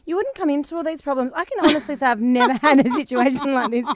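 A woman's voice: high-pitched, fast. An Australian woman in her thirties, telling a story in casual chat as a podcast co-host. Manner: chatty storytelling, animated.

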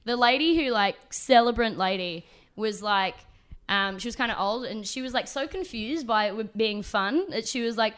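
A woman's voice: on the high side, normal speed, a bit bright. A woman comedian, a podcast guest, telling rambling, sweary stories in casual chat and laughing often.

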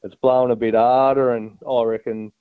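A guest angler with an Australian accent, from Tasmania, tells a broad, yarn-spinning fishing story in casual chat, with plenty of "mate." His voice is medium-pitched, level, clear and resonant at normal speed, with no echo on a dull, dry lo-fi recording.

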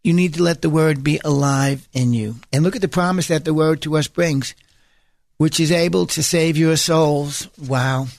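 A male preacher with a fairly high voice, driving his points home through insistent repetition. He slips into chatty asides and corrects himself mid-thought. The recording is dry and close, with no room sound. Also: normal speed, gravelly, no room sound. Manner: emphatic, repeats phrases for stress; conversational asides and self-corrections. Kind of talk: sermon.

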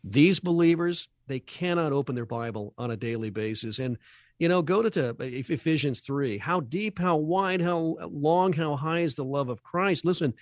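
A man's voice: fairly high pitch, expressive, no echo, studio quality. Earnest man speaking over a video call. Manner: earnest and emphatic, slows on key phrases. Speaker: guest from a Bible charity. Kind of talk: radio interview talk.

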